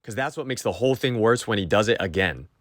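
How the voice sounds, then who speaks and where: A man's voice: fairly low pitch, animated, quick pace, fairly bright tone. A man giving commentary over clips, defensive and emphatic as he rebuts claims point by point. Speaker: YouTuber responding to a dispute.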